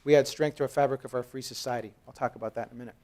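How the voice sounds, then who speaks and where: Fast-talking man giving a conference talk. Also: medium pitch. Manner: animated storytelling, acts out quoted dialogue; conversational, jokes with the audience. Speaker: conference speaker. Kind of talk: live conference presentation. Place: conference hall.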